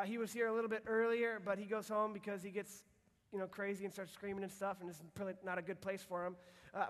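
A man's voice: high-pitched, fairly bright tone. A young man from the United States preaching casually and earnestly to teenagers as a youth pastor, often restarting his sentences. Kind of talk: sermon to teenagers. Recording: long hall reverb.

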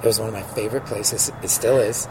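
A man's voice: fairly low pitch, quick pace, noisy background. A man who spins signs, telling a story from his job in a casual interview, acting out the voices of the people in it. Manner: animated, acts out quoted voices, laughs while telling. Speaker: sign spinner guest.

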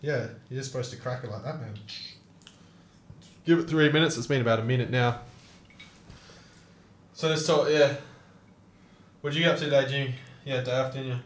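A young man hosting a casual podcast chat. He gets excited, swears a lot and laughs often. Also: medium pitch, moderate pace, pauses often. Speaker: podcast host. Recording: roomy echo.

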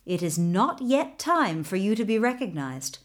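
A wise magical colt who can fly speaks in calm, commanding sentences, unhurried and steady, as a woman storyteller puts him on. The delivery is slow and lively in pitch, like a told folktale. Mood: calm instruction.

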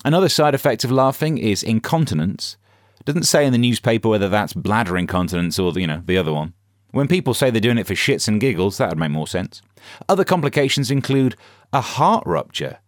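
Casting: comedy podcast host, low-voiced, deadpan and sarcastic, dry studio sound. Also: male voice, a little fast, no echo. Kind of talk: scripted satirical news comedy.

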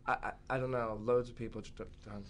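A man's voice: medium pitch, little pitch movement, fast, slight background noise. A young man chatting hesitantly as a guest, rambling, and singing his own songs. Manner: rambling, hesitant, soft-spoken. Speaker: guest musician.

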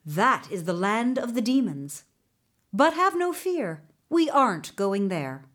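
A woman voicing a wise magical male talking horse in a storybook reading, speaking calmly and reassuringly. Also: medium pitch, slow pace. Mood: calm guiding.

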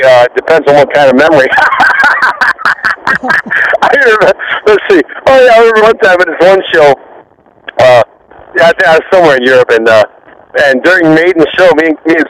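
A man in his fifties, a former rock bassist, rambling through profane backstage stories and laughing often. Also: slight background noise, rough recording. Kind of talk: casual interview storytelling.

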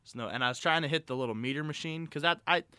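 A man's voice: on the high side, rapid-fire, bright, forceful tone, clean tone, no room sound. A young man, a college student, co-hosting a casual sports podcast in a joking, easygoing way. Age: young adult.

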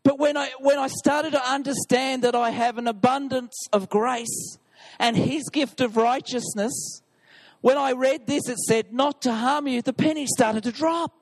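A man's voice: extremely high pitch, steady tone, a little slow. A male pastor preaching an impassioned sermon, reading scripture with emphasis.

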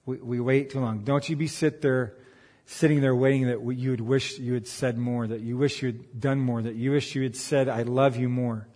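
A man delivering a sermon, swinging from emphatic raised peaks to quiet, earnest asides. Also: medium pitch, fairly even intonation, normal speed, in a large hall. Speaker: pastor.

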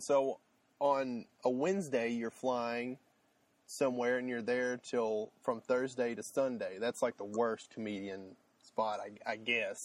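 A man co-hosting a casual podcast, thinking aloud in loose, rambling sentences full of fillers and restarts. His mid-pitched voice sounds dry and close, with little room echo. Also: level tone, measured pace. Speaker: podcast co-host. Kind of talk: casual chat.

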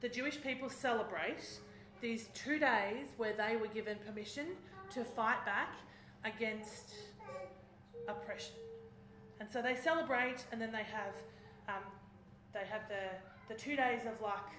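A woman preaching, retelling a story in a lively way and acting out its voices. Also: fairly high pitch, measured pace, slight background noise. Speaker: speaker. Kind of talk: sermon storytelling. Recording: echoey hall.

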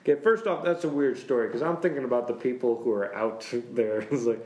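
A pastor leading a Bible class in a relaxed, chatty way, joking and chuckling as he talks straight to his listeners. His voice sits in a middling register. The room around him is roomy and echoey. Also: medium pitch, fairly quick. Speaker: pastor teaching a church class. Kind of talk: casual Bible class teaching. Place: church classroom.

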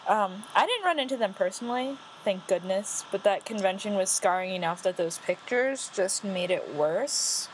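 A woman's voice: medium pitch, animated, moderate pace, few pauses, noisy background. Rambling chatty young woman. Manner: chatty, rambling with fillers and self-aware asides. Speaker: podcast co-host. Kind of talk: casual chat.

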